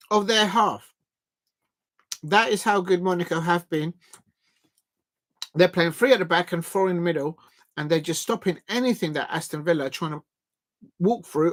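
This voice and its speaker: A man giving live football watch-along commentary. He is chatty and excitable, talking to his viewers between bursts of play-by-play. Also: high voice.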